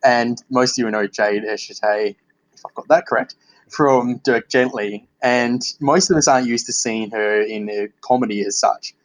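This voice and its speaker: A man's voice: medium pitch, fairly even intonation, normal speed, low-quality recording. A man hosting a casual podcast interview, chatting candidly and swearing and laughing freely. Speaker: podcast host.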